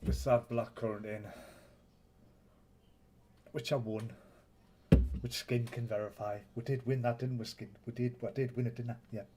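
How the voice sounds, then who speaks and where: A man's voice: medium pitch, little pitch movement, normal speed, long pauses, heavy background noise. A man with a Northeast English accent, hosting a casual live stream and bantering with viewers in a rambling, teasing way. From Northeast England.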